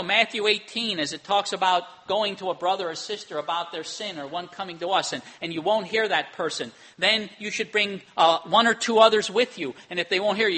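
A man's voice: high-pitched, expressive, a little fast, few pauses, bright, forceful tone. A middle-aged man preaching a sermon in a conversational way, often ending points with tag questions. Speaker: pastor.

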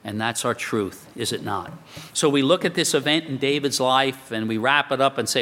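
A man preaching a sermon as a pastor, animated and emphatic. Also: mid-range voice, normal speed. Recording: long hall reverb.

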